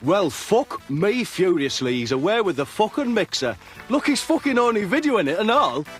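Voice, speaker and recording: A foul-mouthed mate. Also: male voice, sits high, big pitch swings, normal speed, faint music behind. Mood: mocking. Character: foul-mouthed young Geordie mate, loud and coarse.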